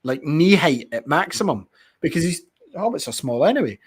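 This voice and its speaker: A man's voice: a little high, normal speed, husky. Rambling, profane man chatting games. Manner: rambling, profane, animated storytelling. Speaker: podcast co-host. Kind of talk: casual chat about video games.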